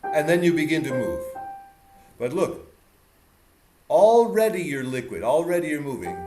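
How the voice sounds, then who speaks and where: A man's voice: a little high, sing-song, moderate pace, darkish tone. A man teaching a piano masterclass, coaching a student with encouragement and repeating words for emphasis. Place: music room with piano and mirror. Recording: piano playing behind the voice.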